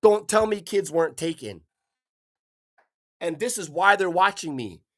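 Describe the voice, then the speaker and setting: A man from Hawaii delivering an angry, profanity-filled rant, swearing constantly and bursting into shouts. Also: high voice, lively intonation, unhurried. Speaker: vlogger.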